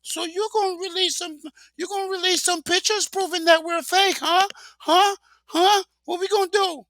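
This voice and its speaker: Guy doing a high squeaky mocking schemer voice, sneering, taunting, bright. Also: fairly even intonation, moderate pace, no echo.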